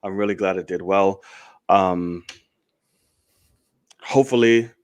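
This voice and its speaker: A man hosting a live movie podcast, chatting casually and cursing freely with animated asides. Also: low-pitched, slow pace, clean tone. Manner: loose and swearing, animated asides. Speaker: podcast host.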